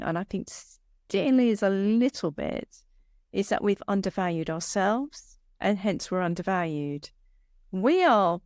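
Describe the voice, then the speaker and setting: A woman's voice: mid-range voice, darkish tone, dry recording. Woman, practical, emphatic, interview guest, dry recording. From United Kingdom. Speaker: guest arborist. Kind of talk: conversational interview answers.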